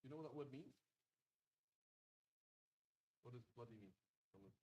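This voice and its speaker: A man's voice: medium pitch, normal speed, mellow, rough recording. A British man teaching a Quranic Arabic class in a conversational way, often checking in with "right?". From Britain.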